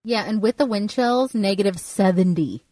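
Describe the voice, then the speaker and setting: A woman's voice: medium pitch, normal speed, a little mellow, recorded from a distance. A woman co-hosting a podcast in a casual, chatty way, laughing often. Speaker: podcast co-host.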